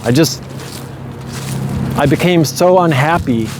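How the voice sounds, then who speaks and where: A man's voice: on the high side, slow pace, background noise. A young man candidly telling his own life story in a casual, reflective way, often adding "you know" and small nervous laughs. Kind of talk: casual spoken memoir.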